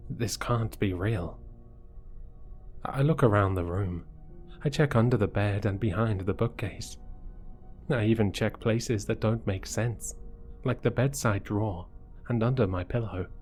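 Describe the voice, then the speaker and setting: A man with a fairly low voice reads a horror story in a slow, measured way, taking his time over every line. Faint music plays softly behind him. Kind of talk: scripted horror narration.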